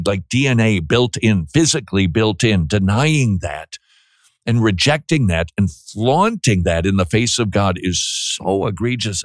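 Man host, low voice, blunt preachy talk-show commentary, dry close sound. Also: no echo. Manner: blunt, repetitive restarts, mocking asides.

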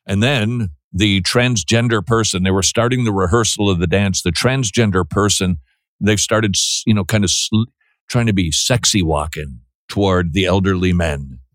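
Man host, low voice, blunt preachy talk-show commentary, dry close sound. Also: moderate pace, no echo. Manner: blunt, repetitive restarts, mocking asides.

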